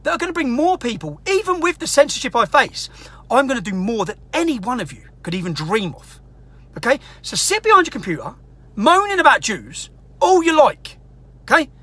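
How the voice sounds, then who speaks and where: A woman's voice: high-pitched, sing-song, a little fast, a bit bright. A woman delivering an angry, indignant rant, swearing as she goes. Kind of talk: angry ranting monologue.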